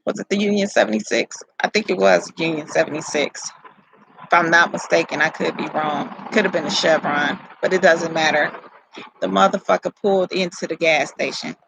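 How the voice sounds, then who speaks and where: A young woman from casually telling her birth story, animated and profane, rambling with self-corrections. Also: lowish voice, a little fast, creaky, background noise.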